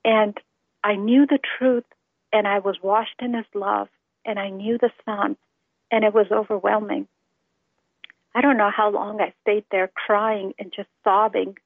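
A woman's voice: mid-range voice, flat delivery, unhurried, vocal fry, no room sound. A woman giving an earnest, heartfelt personal testimony about her faith. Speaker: testimony speaker. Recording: tinny phone-line sound, dry.

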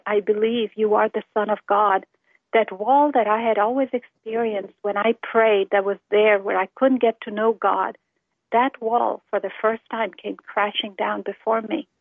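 A woman's voice: mid-range voice, creaky, dry recording. A woman giving an earnest, heartfelt personal testimony about her faith. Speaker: testimony speaker. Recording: tinny phone-line sound, dry.

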